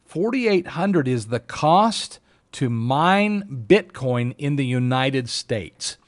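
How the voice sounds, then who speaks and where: A man's voice: mid-range voice, very animated, takes it slowly. A man teaching an online trading class, talking emphatically with a salesman's push and acting out what other traders say. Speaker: trading instructor.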